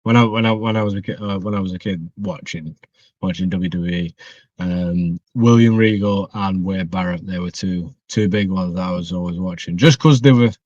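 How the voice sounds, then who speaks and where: With a darkish, low-sitting voice at normal speed, a young northwest England wrestler guests on a podcast, chatting casually and rambling through fillers and restarts. No room sound comes through in the dry, dull, muffled recording.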